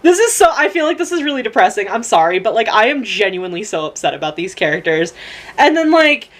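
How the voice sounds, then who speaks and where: Talking fast with big pitch swings in a mid-range voice, a young book vlogger rambles emotionally through a casual review. She swears freely, gushes, uses many fillers, and is close to tears, laughing through crying.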